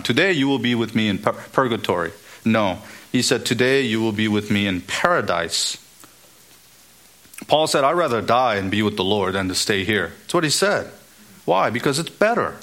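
A man's voice: mid-range voice, a bit bright. Man preaching an emphatic sermon. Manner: emphatic preaching with rising exclamations. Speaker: pastor.

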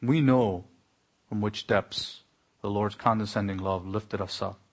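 Male pastor, husky tone, earnest sermon delivery with emphatic rises. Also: lowish voice, a little slow. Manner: earnest preaching, rising to exclamations.

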